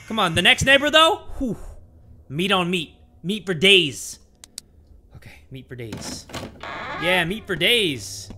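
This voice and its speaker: A man's voice: fairly high pitch, expressive, normal speed, noisy background. A young man playing a horror game, talking to viewers in a jittery, self-mocking, chatty way. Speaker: gaming youtuber.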